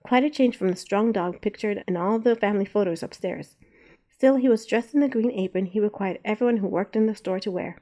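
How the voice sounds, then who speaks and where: Woman reading a storybook out loud, mellow warm tone, mid pitch, steady. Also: a little fast. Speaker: narrator. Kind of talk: storybook narration.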